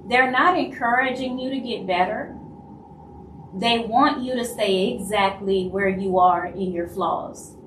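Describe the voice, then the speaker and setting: A woman from Louisiana with a Louisiana Southern accent, hosting a live stream in casual talk and acting out other people's lines in quick asides. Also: medium pitch, fairly bright tone, a little hiss or hum. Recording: roomy echo, voice from a distance, faint ambience.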